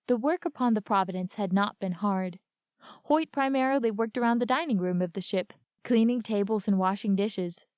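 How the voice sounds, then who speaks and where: A woman's voice: medium pitch, a little mellow, no room sound. Woman narrating a story, dry and close. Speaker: narrator reading a book. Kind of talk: live reading of an adventure story.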